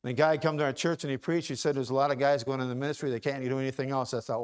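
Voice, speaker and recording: A man preaching a sermon in a church, rising to loud, repeated calls and dropping to low, quick, conversational asides. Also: fairly even intonation, clean tone. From Ohio. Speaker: pastor. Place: church sanctuary.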